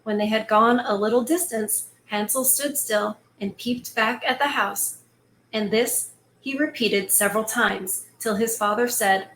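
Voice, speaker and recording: A woman reading a fairy tale aloud and breaking off into chatty, excitable asides. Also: on the high side, measured pace, a little hiss or hum. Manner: excitable, chatty, animated commentary. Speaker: storyteller host. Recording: echoey room, faint ambience.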